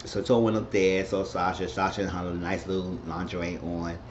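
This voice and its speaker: A man's voice: low voice, little pitch movement, normal speed. A man casually recapping a TV episode, retelling it loosely with lots of filler phrases. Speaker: TV recap reviewer. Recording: dull lo-fi sound with faint noise.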